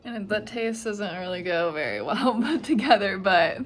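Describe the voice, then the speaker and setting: A woman's voice: mid-range voice, expressive, moderate pace. A young woman in her twenties, a nursing student, chatting casually to camera in a rambling way, full of "like" and "I don't know". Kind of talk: casual vlog chat.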